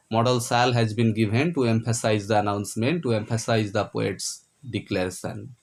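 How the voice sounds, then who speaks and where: A man teaching a lesson on a poem, repeating phrases and stopping often to ask "Clear?" or "Okay?"; he also spells words out letter by letter. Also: on the low side. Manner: repetitive, checks understanding with "Clear?" and "Okay?". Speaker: English teacher. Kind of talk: classroom lecture explaining a poem.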